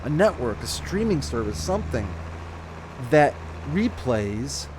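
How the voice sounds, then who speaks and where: A man's voice: medium pitch, sing-song, unhurried, background noise. A man chatting casually over his farming game, rambling and correcting himself as he goes. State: slight hiccups. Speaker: gaming channel host. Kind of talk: casual let's-play commentary.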